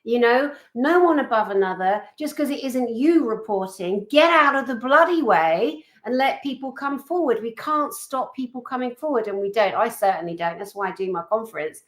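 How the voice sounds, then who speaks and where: A woman's voice: on the high side, expressive, normal speed, few pauses, roomy sound. A woman speaking passionately and emphatically as an interview guest. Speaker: guest, conference organizer. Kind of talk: livestream interview.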